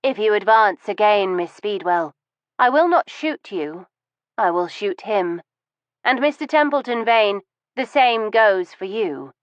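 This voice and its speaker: A woman's voice: expressive, a little slow, smooth, no echo, dull audio, natural voice. A woman voicing a cold, bitter middle-aged wife who holds a gun, speaking icily with wounded resentment. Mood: menacing. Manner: icy and commanding, turning wounded and shrill. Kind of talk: audiobook reading.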